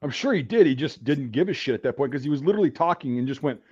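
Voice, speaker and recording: Casual host, male, animated storyteller, swears freely, dull lo-fi audio. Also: mid-range voice, very fast, husky. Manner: profane, animated storytelling, acts out yelling. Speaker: podcast host, veteran telling army stories. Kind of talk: casual chat.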